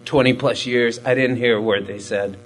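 A man's voice: medium pitch, steady tone, normal speed, a little hiss or hum, poor audio. A man giving a candid, profane personal testimony in a rambling, self-mocking way, full of fillers. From Hispanic military family background. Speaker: recovery storyteller.

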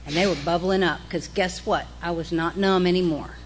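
A woman's voice: lowish voice, fairly even intonation, normal speed, a little hiss or hum. A middle-aged woman, candidly sharing her recovery story in a frank, profane, self-mocking way. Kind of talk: candid personal testimony.

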